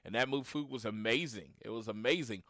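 A man's voice: medium pitch, fairly quick, dry recording. Late-30s oklahoma guy on a podcast, story-telling about his trip, mid voice, dry close sound. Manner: storytelling, animated retelling of encounters. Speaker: podcast co-host. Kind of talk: casual chat.

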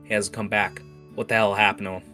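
A man's voice: on the low side, level tone, fast, pushed and bright. A man narrating as game master of a tabletop game, rambling with restarts, over faint guitar music. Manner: rambling, many fillers and restarts.

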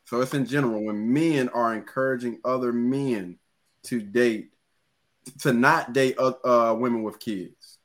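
A relaxed man hosting a podcast, with a voice set squarely in the middle of the male range. He talks in easy, loose sentences and laughs often with his co-hosts. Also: mid-range voice. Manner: laid-back, laughs often, drawn-out sign-off. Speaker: podcast host. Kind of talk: casual podcast chat.

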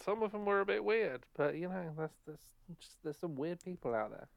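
A man's voice: sits high, lively intonation, brisk, creaky, no room sound, studio quality. A man co-hosting a podcast who jokes and teases the others in a wry, playful way. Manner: teasing, wry. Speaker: podcast co-host. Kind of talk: casual podcast banter.

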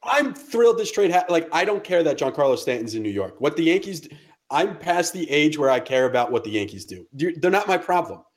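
Ranting young man, fast talk. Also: a little high, very animated. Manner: ranting, blunt. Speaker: podcast co-host. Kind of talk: casual sports chat.

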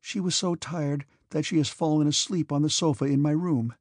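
A gentle young noblewoman pleads softly and earnestly in a storybook reading, raised higher by a man reading her part. The voice stays mellow and a little husky, and the recording is close and dry. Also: fairly even intonation, moderate pace, dry recording, close to an everyday voice. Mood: earnest pleading.

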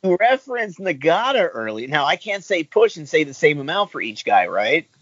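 A man on a casual podcast, joking and cursing while he thinks through quiz answers out loud. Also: on the high side, big pitch swings, moderate pace, breathy edge, dry recording. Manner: profane, joking, thinks aloud. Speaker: podcast co-host, quiz contestant. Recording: dry, dull lo-fi sound.

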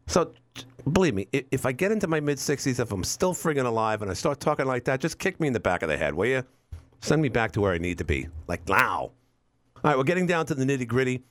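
A man's voice: mid-range voice, big pitch swings, fast, fairly bright tone, no echo. A man in his fifties hosting a talk radio show, rambling wryly and repeating words as he chats. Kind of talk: casual talk radio monologue. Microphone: studio microphone.

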